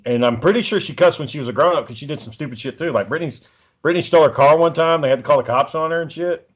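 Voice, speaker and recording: A man's voice: fairly high pitch, very fast. A man telling rambling stories on a podcast, swearing a lot and stammering. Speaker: podcast co-host. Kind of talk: casual podcast storytelling.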